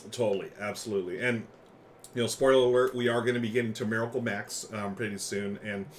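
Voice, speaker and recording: A man's voice: fairly low pitch, fairly even intonation, fast talker, slight background noise. Chatty man co-hosting a game stream. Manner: chatty, laughing, talks with mouth full. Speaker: game show co-host. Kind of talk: casual livestream chat.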